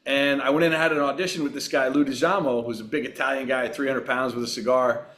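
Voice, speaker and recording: A man in his sixties from Long Island, a guest on a podcast, telling relaxed, rambling anecdotes with plenty of fillers. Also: mid-range voice, quick pace. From Long Island, New York. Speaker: guest actor. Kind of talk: relaxed storytelling in a podcast interview.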